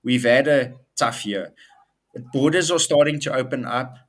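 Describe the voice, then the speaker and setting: An upbeat man co-hosts a casual business show. He talks in loose, rambling sentences with fillers like "um". His pitch sits at an ordinary middle for a man. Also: unhurried. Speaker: co-host.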